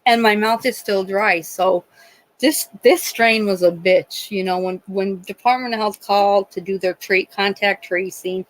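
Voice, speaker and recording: A woman's voice: medium pitch, a little slow, rough recording. A woman working as a nurse, chatting casually with frequent laughter while acting out bits of dialogue. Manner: chatty, animated, often laughing, acts out dialogue. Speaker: nurse and livestream host. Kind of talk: casual storytelling chat.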